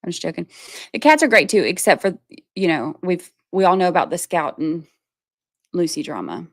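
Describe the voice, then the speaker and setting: A woman's voice: fairly low pitch, very animated, normal speed, no echo, clean studio sound. A woman from Georgia, chatting casually on her livestream and laughing often as she talks to her viewers. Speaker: livestream host.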